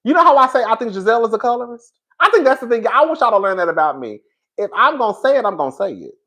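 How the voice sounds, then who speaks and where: A man hosting a casual reality TV review, talking in an animated, sassy way with frequent laughs and calling his viewers "girl.". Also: very high-pitched, very fast. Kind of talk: casual opinionated commentary.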